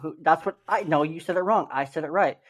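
A man's voice: on the high side, a little fast. Upbeat young man, podcast co-host. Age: young adult. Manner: upbeat, self-mocking, salesy in ad reads. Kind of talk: casual podcast chat and ad read.

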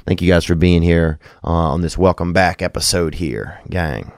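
In a clean, echo-free studio recording, a man with a deep voice and steady tone speaks at a moderate pace. He hosts a casual call-in podcast, rambling loosely and cracking crude jokes before turning to sincere, earnest advice for his callers.

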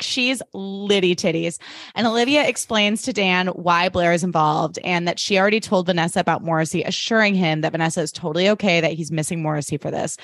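A young woman co-hosting a podcast, chatting casually and acting out characters' lines with big jumps in voice. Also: no echo. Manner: animated, acts out characters' lines with jumps in pitch. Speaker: podcast co-host. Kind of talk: casual recap chat.

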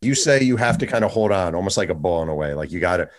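A man hosting a casual interview, asking lively questions and reading passages aloud from a book. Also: low voice, quick pace, hardly any pauses. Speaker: podcast host.

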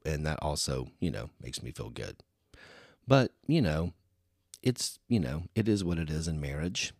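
A man's voice: low voice, a little mellow, husky, no room sound, studio quality. A man hosting a solo podcast, talking in a rambling, chatty way that is full of "you know". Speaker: podcast host. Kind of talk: casual solo podcast chat.

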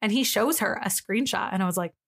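A woman co-hosting a podcast, retelling a story in casual chat, quoting its people with sudden jumps in pitch and cursing freely. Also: quick pace, gravelly, fairly bright tone, husky. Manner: reads a story aloud and quotes its people with sudden high jumps; swears freely and laughs between lines. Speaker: podcast co-host.

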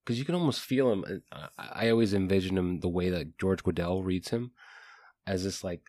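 Low-voiced rambling man in casual chat. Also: normal speed, darkish tone, no room sound. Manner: rambling, many fillers and restarts. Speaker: podcast co-host. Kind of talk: casual book discussion.

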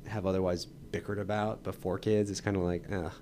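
A man in his thirties, a guest on his wife's podcast, talking in a relaxed, teasing, literal-minded way. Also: low voice, a little fast, slight background noise. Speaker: podcast guest, host's husband. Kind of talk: casual chat.

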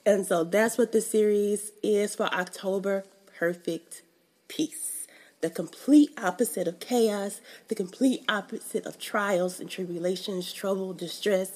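Lower-voiced woman teaching scripture casually. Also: darkish tone, husky. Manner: conversational, emphatic, colloquial. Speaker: faith teacher.

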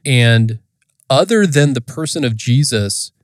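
Thoughtful man co-host, measured. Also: mid-range voice, lively intonation, no echo, clean studio sound. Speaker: podcast co-host. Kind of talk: casual conversation.

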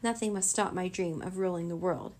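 A woman's voice: fairly low pitch, a little fast, a little mellow, natural voice, rough recording. A woman voicing a domineering male wizard villain in a children's storybook, cold and commanding. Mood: scheming.

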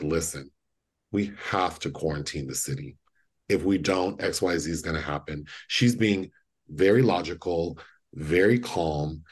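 A man co-hosting a podcast, retelling movie scenes in a casual, animated way and acting out the lines. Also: low voice, husky. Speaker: podcast co-host. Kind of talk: casual chat.

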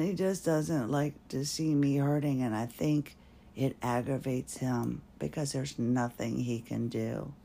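Slow, gravelly-voiced woman talking personally. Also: rumbling low, dark tone. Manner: slow, halting, searching for words. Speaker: podcast host. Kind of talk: personal monologue.

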